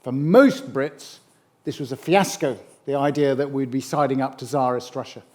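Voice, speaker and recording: A middle-aged man giving a public history lecture, animated and emphatic, with wry asides. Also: mid-range voice, moderate pace. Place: lecture hall.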